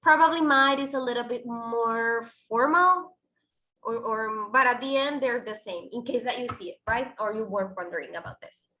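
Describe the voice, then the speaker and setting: A woman with a bright, slightly high voice teaches an English class at a moderate pace in an echoey room. Her explanations are loose and full of restarts and fillers, and she slips into Spanish now and then.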